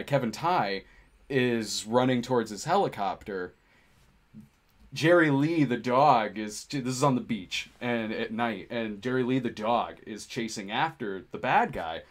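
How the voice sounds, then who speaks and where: A man co-hosts a livestream, reading out viewer questions and rambling casually, laughing often and using lots of fillers. His mid-range voice has lively intonation and a measured pace.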